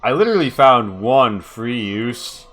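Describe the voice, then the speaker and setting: A man's voice: medium pitch, sing-song, measured pace, a bit bright. A man narrating as game master for an online tabletop game, in a loose, rambling way with lots of "like" and restarts.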